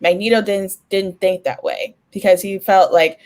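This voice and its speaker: A woman's voice: medium pitch, fairly even intonation, moderate pace, darkish tone. A young woman co-hosting a podcast, chatting casually with restarts and frequent laughter. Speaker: podcast co-host.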